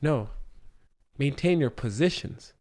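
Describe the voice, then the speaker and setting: A man's voice: mid-range voice, expressive, slow, a little mellow. A man co-hosting a comedy podcast, casually improvising a scene and laughing often. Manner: casual, laughs often, acts out lines in goofy voices.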